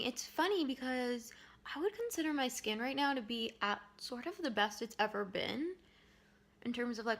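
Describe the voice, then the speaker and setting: A woman's voice: a little high, creaky. A young woman vlogging in a casual, rambling chat, out of breath and filling her talk with "like". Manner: chatty and rambling, many "like" fillers. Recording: loud background noise.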